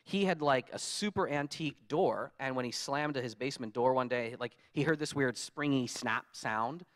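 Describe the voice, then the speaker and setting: A man giving a conference talk, telling lively stories and acting out his own frustrated quotes. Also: medium pitch, normal speed. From United States. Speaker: conference speaker. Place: conference hall.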